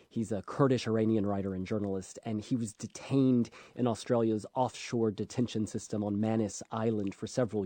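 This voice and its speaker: Man, radio guest, measured delivery, mellow tone, dry studio. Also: fairly low pitch, dry recording. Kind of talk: conversational radio commentary.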